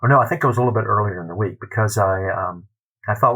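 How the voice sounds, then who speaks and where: A man tells a research story as a podcast guest, lively and fond of playing out the lines of others. His voice sits a little low but has a bright, forward edge, with a husky grain. He speaks as a literary scholar, relaxed and anecdotal. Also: fast talker, poor audio. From United States. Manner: animated, anecdotal, acts out quotes.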